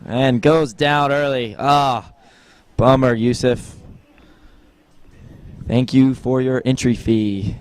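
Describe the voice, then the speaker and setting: A man's voice: mid-range voice, slow pace, pauses often, smooth. Wry man calling water ski tricks. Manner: wry, teasing, deadpan jokes. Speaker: tournament commentator. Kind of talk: joking live sports commentary.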